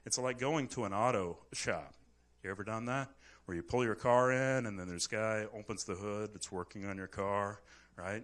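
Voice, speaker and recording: A middle-aged man, a physician, giving a lively live lecture with a demonstration and acting out little scenes as jokes. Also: on the low side, moderate pace. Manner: animated, jokey, acts out little scenes. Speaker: physician teaching at grand rounds. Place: hospital lecture hall. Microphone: moves on and off the microphone.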